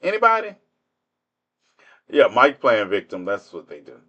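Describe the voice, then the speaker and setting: A man's voice: fairly low pitch, normal speed, a bit bright, slightly rough, muffled recording. A man hosting a live stream, answering commenters in casual speech, mocking them with rhetorical questions. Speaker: livestream host.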